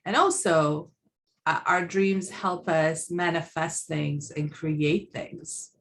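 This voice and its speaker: A woman's voice: low-pitched, slow pace, slight background noise. A woman hosting a podcast, talking in a reflective, conversational way with many fillers. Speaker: podcast host.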